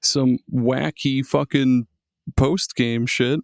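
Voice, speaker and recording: A man's voice: mid-range voice, fairly even intonation, slow pace, creaky, dry recording, clean studio sound. A man co-hosting a casual podcast, laid-back, swearing and saying dude a lot. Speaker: podcast co-host. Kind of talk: casual chat.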